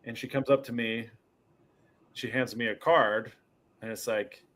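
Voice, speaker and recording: A man co-hosting a casual chat show, telling stories with lively outbursts. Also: mid-range voice, a little slow. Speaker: podcast co-host.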